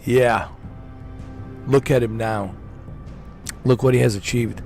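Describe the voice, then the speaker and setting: A male gaming streamer chats casually and eagerly, circling back to the same points with plenty of slang. His voice sits at a mid pitch. Quiet game music runs in the background. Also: steady tone, slow. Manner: enthusiastic, repetitive, slangy ("man", "dude"). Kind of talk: casual chat over gameplay.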